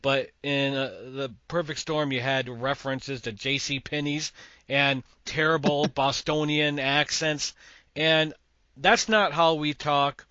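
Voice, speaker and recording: Bright-voiced opinionated podcast man. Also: on the high side, steady tone, takes it slowly, clear, resonant tone, no room sound, muffled recording. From Massachusetts. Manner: opinionated, rambling with fillers. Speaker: podcast host. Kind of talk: casual movie chat.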